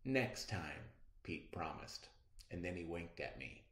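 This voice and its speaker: A man reading a children's chapter book aloud in an expressive, unhurried storytelling manner, in a roomy recording. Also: low voice. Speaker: storybook reader. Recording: roomy echo.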